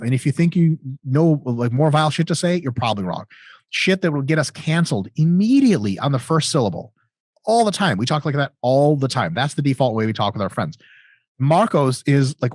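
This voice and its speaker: A man's voice: medium pitch, dry recording. A man in his thirties co-hosting a casual question-and-answer chat, joking and swearing freely. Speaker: co-host answering viewer questions.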